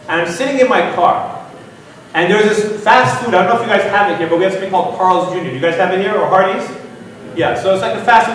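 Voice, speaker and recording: Guy telling a funny story at a conference, high voice, sounds far off in a big echoey hall. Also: slight background noise. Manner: animated, jokey, rises high when excited. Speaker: guest speaker. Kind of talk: humorous personal storytelling talk. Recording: very echoey hall, distant mic.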